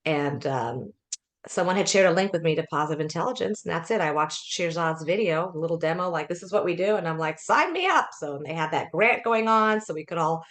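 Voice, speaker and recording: A woman's voice: low voice, fairly quick. A woman in her fifties, a life coach, telling her story in a chatty way, laughing often and restarting her sentences. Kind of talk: conversational interview storytelling.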